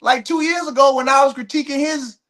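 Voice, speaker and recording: A man's voice: very high voice, steady tone, a little fast, fairly bright tone. A man hosting a track and field commentary show, ranting bluntly to his viewers and repeating words as he restarts his points.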